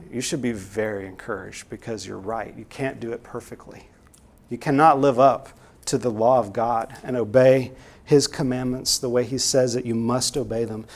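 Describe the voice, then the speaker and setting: A man preaching a sermon, earnest and exhorting, with many direct rhetorical questions to the listeners. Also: medium pitch.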